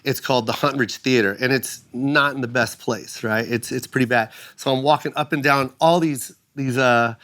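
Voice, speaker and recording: Animated man telling a story. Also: moderate pace, few pauses. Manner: acts out other people's lines in loud high-pitched voices. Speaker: guest comedian. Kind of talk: animated storytelling in a casual podcast chat.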